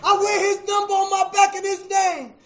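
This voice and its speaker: A middle-aged man telling his recovery story to a meeting, emotional, with a preacher-like rhythm, going from hushed to shouting and repeating "man.". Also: very high-pitched, little pitch movement, normal speed, roomy sound, low-quality recording. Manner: preacher-like, repeats phrases, says "man" often. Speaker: recovery speaker at a fellowship meeting. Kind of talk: personal testimony to an audience.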